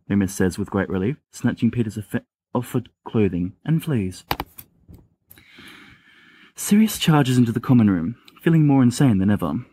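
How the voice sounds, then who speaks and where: A man's voice: lowish voice, lively intonation, normal speed, long pauses, warm tone, breathy edge. A man narrating a story in an amateur audiobook reading, plainly, with small restarts. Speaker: podfic reader.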